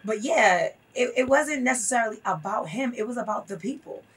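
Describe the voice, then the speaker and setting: Husky-voiced woman telling a story earnestly. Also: a little high, animated, a little fast. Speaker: guest. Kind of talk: interview conversation. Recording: voice from a distance off the mic.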